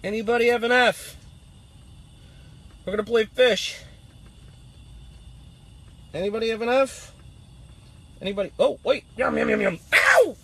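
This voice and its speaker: A man's voice: extremely high pitch, unhurried, creaky, pauses often. A man doing playful live commentary while ice fishing outdoors on a frozen pond, teasing the fish as he talks.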